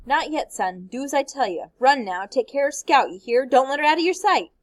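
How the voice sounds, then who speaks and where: A woman reading aloud, voicing a gentle middle-aged father who speaks softly, steadily and firmly. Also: sits high, fairly quick, dry recording, voice pushed up. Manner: soft, steady and firm.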